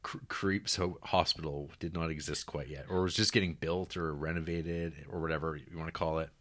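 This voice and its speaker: A man's voice: a bass voice, fairly even intonation, brisk, a bit bright. A man hosting a podcast, chatting casually and rambling with a lot of stammered restarts. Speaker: podcast host. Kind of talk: casual chat, reading listener emails.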